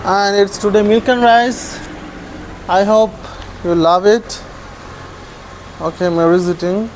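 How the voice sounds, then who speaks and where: A slow, unhurried speaker feeding stray dogs on a street, filmed on a handheld phone. They coo at the animals, call each one by name in high, coaxing calls, and describe what the dogs are doing between calls. Faint background noise sits under the voice. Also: steady tone, a little mellow. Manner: coaxing, affectionate talk to dogs, calling them by name; rises to high calls when summoning dogs. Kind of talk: casual narration while feeding animals.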